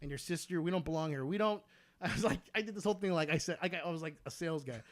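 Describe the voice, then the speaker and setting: A man, a comedian guest on a podcast, telling a story in an animated way, swearing a lot and acting out what other people said. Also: fairly high pitch, fast talker.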